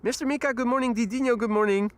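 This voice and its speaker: A man's voice: very high-pitched, fairly even intonation, fast, no room sound. A man hosting a live plane-spotting stream outdoors, chatting casually with viewers and using frequent fillers. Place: outdoors near airport runway.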